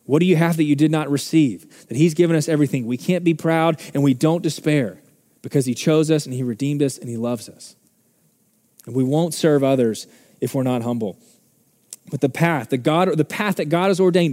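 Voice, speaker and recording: A man's voice: fairly high pitch, brisk, warm tone, big-room sound. A man preaching a sermon as pastor, impassioned and building to fervent peaks. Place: church sanctuary.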